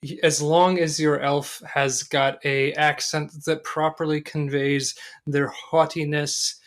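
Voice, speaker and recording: Slow, joking male co-host. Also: fairly high pitch, little pitch movement. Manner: unhurried, tongue-in-cheek, halting with restarts. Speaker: podcast co-host. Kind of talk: casual podcast chat.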